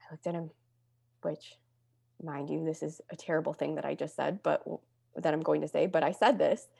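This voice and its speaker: A young adult woman telling her own story in casual talk, with deadpan jokes and lively acted-out quotes. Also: fairly quick, creaky, slightly rough, dry recording, clean studio sound. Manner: deadpan humor, acts out quotes with lively pitch jumps.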